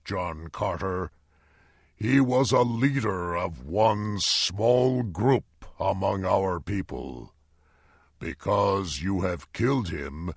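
A man voicing a gravelly alien warrior chief. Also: low-pitched, no echo, studio quality, heavily acted. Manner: slow, solemn, gravelly pronouncements. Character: huge, stern male green Martian warrior chief. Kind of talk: storybook character voice.

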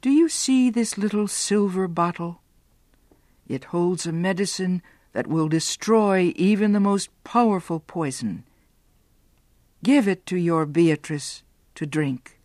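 A woman's voice: lowish voice, takes it slowly, a little mellow, no room sound, clean studio sound. A woman voicing a firm old professor. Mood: reassuring. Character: old male professor, calm and reassuring.

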